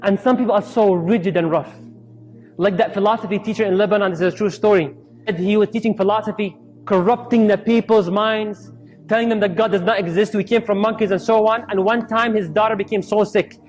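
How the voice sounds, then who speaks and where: High-voiced man telling a sermon story. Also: brisk, soft background music. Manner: acts out quoted voices in lively storytelling. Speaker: Islamic speaker.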